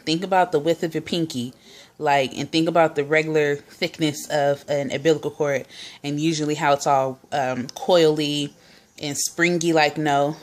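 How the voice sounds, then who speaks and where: Young woman, low voice, chatty vlogger storytelling, lots of "like" and "um". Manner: chatty, many fillers and quoted dialogue. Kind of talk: casual personal storytelling.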